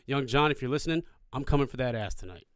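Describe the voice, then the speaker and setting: A man's voice: medium pitch, animated, fast, dry recording, studio quality. A man co-hosting a live podcast in laid-back banter, swearing casually. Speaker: podcast co-host. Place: live show recording.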